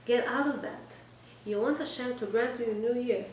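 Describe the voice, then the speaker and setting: A woman with a slightly high voice teaches a small class, direct and exhorting, often pausing to check in with her listeners and trade quick replies. She is recorded from a distance in an echoey room with a faint hum of background noise. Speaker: religious teacher giving a weekly class. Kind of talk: informal lecture to a small group.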